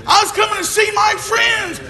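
A man preaching a sermon, swinging between shouts and hushed tones. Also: extremely high pitch, steady tone, moderate pace. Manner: shouts and drops to a hush, preacher cadence. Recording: echoey room with faint noise.

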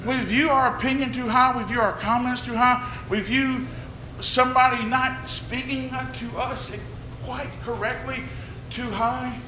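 High bright preacher in an echoey hall. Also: male voice, fairly even intonation, a little slow. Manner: shouts and drops to a hush, preacher cadence. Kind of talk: sermon. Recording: echoey room with faint noise.

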